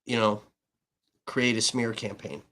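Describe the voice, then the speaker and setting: A man's voice: lowish voice, measured pace. Profane man recounting a story. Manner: animated retelling that acts out dialogue. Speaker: livestream host and independent writer.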